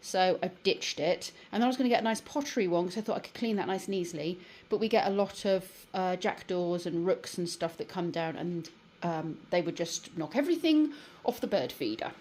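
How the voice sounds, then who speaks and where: Animated and fairly quick, the British woman speaks in a lowish, darkish voice. She's vlogging casually to camera from home and her garden, a bit rambly with fillers, yawning and tired.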